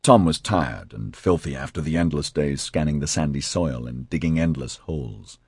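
A man with a husky voice narrating an audiobook in an expressive storytelling way. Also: extremely low pitch, normal speed, no echo, clean studio sound.

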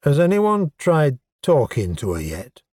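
A man voicing a wary, thoughtful male goblin leader in an audiobook, in a measured, understated way. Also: a little high, huge pitch swings, a little mellow, no room sound, clean studio sound, full character voice. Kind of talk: audiobook character voice.

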